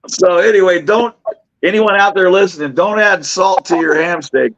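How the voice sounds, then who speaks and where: A man's voice: high voice, normal speed, fairly bright tone. A middle-aged man co-hosting a casual chat, telling a story with many restarts, fillers and laughs. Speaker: co-host. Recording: dull lo-fi remote audio.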